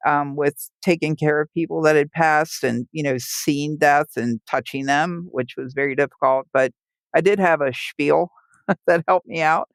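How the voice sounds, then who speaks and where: A woman recounting her hospice nursing stories for a podcast, vivid and expressive, often laughing through the telling. Her voice is recorded close and dry, with no room sound around it. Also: sits low, measured pace, no echo. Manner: vivid storyteller who laughs while telling and acts out the people she quotes. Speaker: hospice nurse. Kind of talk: personal storytelling in a podcast interview.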